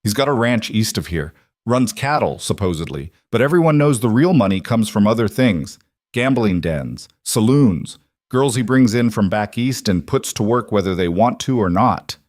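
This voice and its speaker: A man's voice: on the low side, animated, normal speed, a little mellow, no room sound, clean studio sound, close to an everyday voice. A man voicing Wade, a hard, protective frontier rancher father who talks curtly in an audiobook story. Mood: stern. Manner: curt and stern.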